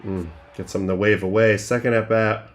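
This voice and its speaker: A middle-aged man hosting a livestream, casually breaking down baseball pitches one by one and thinking aloud with restarts and fillers. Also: steady tone, normal speed. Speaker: livestream host breaking down game film.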